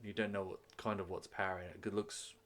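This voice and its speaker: A man's voice: low-pitched, flat delivery, fast talker, a bit bright, a little hiss or hum. A man narrating a tabletop game as game master, in a rambling, descriptive way with many fillers.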